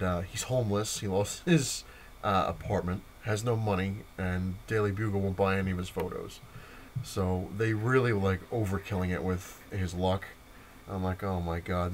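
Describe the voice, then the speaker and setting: A man's voice: low voice, slight background noise. A young adult man hosting a casual comic review vlog, retelling plots in a rambling way full of fillers and short laughs. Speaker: comic book vlogger.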